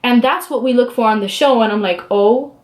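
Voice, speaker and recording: A young woman vlogger telling a story in a casual, chatty way while she does her makeup, acting out the quotes. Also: fast talker. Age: young adult. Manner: animated, chatty, acts out quotes with high squeals.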